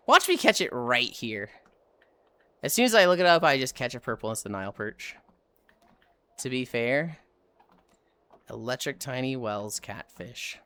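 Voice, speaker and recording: Casual, profane gaming talk comes from a livestreamer fishing in a game, with frequent sighs between remarks. The voice is medium in pitch, bright and forceful, with a clean tone and no echo.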